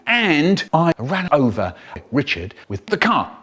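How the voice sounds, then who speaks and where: A man's voice: a little high, very animated, a bit bright, slight background noise. A man telling a story in a theatrical, exaggerated way, stretching out words, in a spliced comedy edit. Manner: theatrical, drawn-out, exaggerated delivery.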